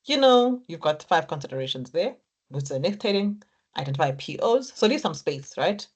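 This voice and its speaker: Low-voiced woman lecturing on exam technique. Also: very animated, fairly quick, breathy edge. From Africa. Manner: encouraging, repetitive, talks students through steps. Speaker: accounting lecturer.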